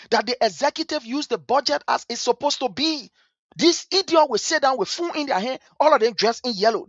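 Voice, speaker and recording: A man's voice: extremely high pitch, a bit bright, no echo, muffled recording. A man with a Liberian English accent giving impassioned, scornful political commentary, repeating his points with fire. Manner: fiery, scornful, repetitive.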